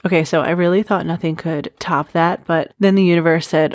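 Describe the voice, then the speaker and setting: A woman's voice: on the low side, fairly even intonation, a little fast, hardly any pauses, no room sound. A woman hosting a comedic true crime podcast in casual chat, often breaking into cackling laughter. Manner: giggly, keeps breaking into loud cackling laughter. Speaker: podcast host.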